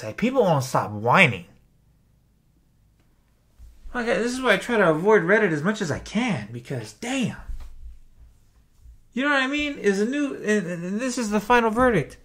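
Man, fed-up vlog rant, fairly high voice, swears a lot. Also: a bit bright. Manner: exasperated, ranting, swears freely. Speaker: wrestling YouTuber. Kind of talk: opinion rant to camera.

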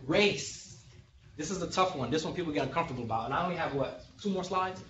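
A man with a fairly high, very lively voice delivers a joking, conversational lecture, checking in with the audience now and then. He sounds distant and dull, as if picked up from across an echoey room. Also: fast talker, a little hiss or hum. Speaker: sociologist giving a presentation.

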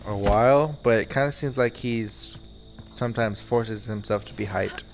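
A young man giving casual, rambling live-stream commentary while playing a game, swearing and excitable. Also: lowish voice, moderate pace, soft background music.

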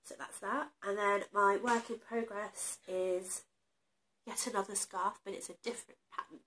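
Woman, nasal and stuffy with a cold, bright voice, chatty, rambling, self-deprecating. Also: mid-range voice, steady tone, normal speed, a little hiss or hum. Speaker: crochet vlogger. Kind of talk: casual show-and-tell chat.

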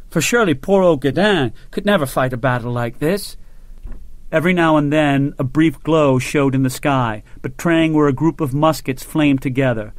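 A man's voice: fairly high pitch, no room sound. Man narrating an audiobook, dry close sound. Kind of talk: scripted narration.

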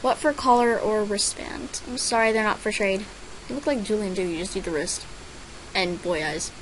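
A woman's voice: mid-range voice, normal speed, slight background noise, rough recording. Chatty girl narrating her game play. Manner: reads out other players' chat and names as she plays; bursts into excited squeals over gifts. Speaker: gaming vlogger. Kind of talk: casual gameplay commentary.

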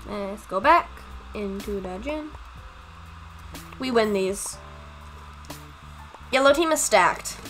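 A young woman chatting through a live gaming stream, talking to her viewers and teammates and breaking into high yelps when things go wrong. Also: expressive, slow pace, long pauses, a bit bright. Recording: faint music in background.

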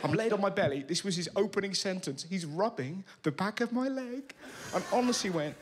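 A man's voice: sits high, fairly quick, a little hiss or hum. A man doing a stand-up comedy routine, telling stories and acting out other people's voices. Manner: animated storytelling, acting out voices. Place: comedy venue before a live audience. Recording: live show with loud crowd laughter.

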